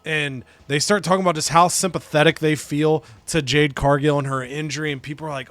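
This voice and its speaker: A man casually recapping a wrestling management game, animated and profane, slipping into other characters' voices. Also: mid-range voice, normal speed, dry recording. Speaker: let's play host.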